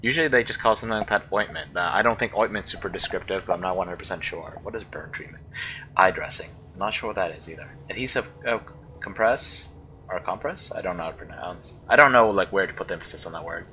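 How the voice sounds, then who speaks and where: Low-voiced guy doing let's play commentary, bright edge to his voice, thinking out loud, lots of unsure pauses. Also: a little hiss or hum, rough recording. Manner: thinking aloud, unsure, musing over pronunciations. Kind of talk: casual gameplay commentary.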